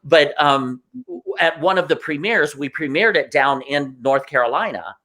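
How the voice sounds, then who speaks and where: A man as a guest on a talk show, telling stories in an animated, emotional way and acting out the voices of the people in them. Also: on the high side, moderate pace. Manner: excitable, emotional, acts out voices in anecdotes. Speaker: guest performer. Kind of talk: animated interview storytelling.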